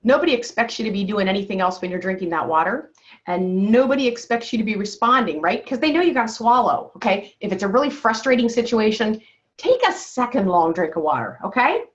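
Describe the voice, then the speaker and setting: A woman's voice: medium pitch, lively intonation, fairly quick. A woman health coach on a group call, encouraging and walking listeners through breathing steps, often checking in with "okay?". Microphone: call-in phone or computer mic. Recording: slightly dull, lo-fi call audio.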